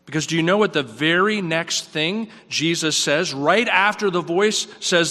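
A man preaching a sermon in a reflective, earnest way, his voice rising on questions and dropping soft. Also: on the high side, animated, unhurried, hardly any pauses, big-room sound.

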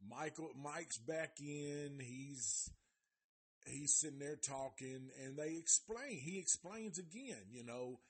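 A breathy, fairly high-pitched man speaks at a slow pace as host of a live review show on a documentary series. He tells the story in a casual, profane style with lots of slang and swearing, animatedly imitating its people in exaggerated voices.

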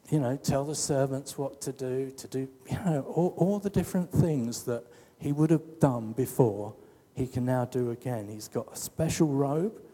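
A man's voice: medium pitch, dark tone, breathy edge, in a large hall. A man preaching a sermon in a conversational way, full of rhetorical questions.

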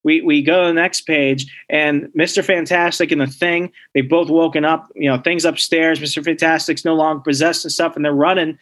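A man co-hosting a podcast, casually recapping a comic book story with lively storytelling and quick bits of acting out the characters. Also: a little high. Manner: animated storytelling, acts out characters' lines. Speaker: podcast co-host.

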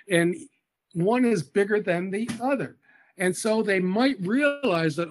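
Man, education expert, interview, methodical, patient, unhurried delivery, high voice. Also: lively intonation. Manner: patient, methodical explaining with small hesitations. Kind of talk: explaining in an interview.

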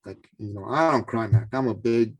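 A man, a coaching guest on a podcast, telling a story casually with animated delivery and frequent restarts. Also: on the low side, normal speed, a crowd in the background.

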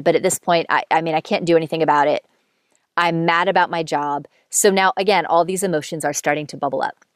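A woman's voice: fairly low pitch, fast, dry recording, studio quality. A woman in her thirties telling a long personal story in a candid, chatty way, swearing freely and poking fun at herself. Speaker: podcast host telling a dating story. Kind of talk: casual storytelling monologue.

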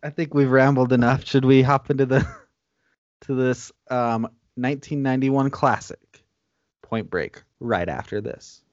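A man's voice: mid-range voice, fairly even intonation, measured pace, a little mellow, no room sound, dull audio. A man hosting a casual podcast chat, joking and laughing often. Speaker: podcast host.

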